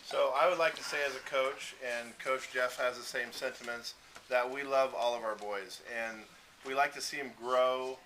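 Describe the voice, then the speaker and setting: A man's voice: mid-range voice, fairly even intonation, moderate pace, sharp tone. A man speaking as junior varsity coach at a banquet, telling stories and acting out quotes from his players. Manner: storytelling, acts out players and himself. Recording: noisy room recording.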